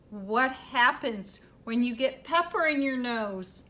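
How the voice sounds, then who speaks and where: A woman librarian reads a picture book aloud to young children and keeps asking them questions. Her voice is high and swings widely in pitch. She takes it very slowly, drawing out every phrase. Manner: animated, asks children questions. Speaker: children's librarian storytime host.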